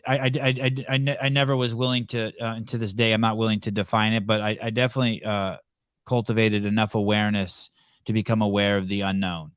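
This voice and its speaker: Animated male host telling stories. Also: fairly low pitch, quick pace, clear, resonant tone, no echo, studio quality. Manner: animated storyteller, acts out dialogue, stammers on restarts. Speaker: podcast host. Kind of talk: casual storytelling.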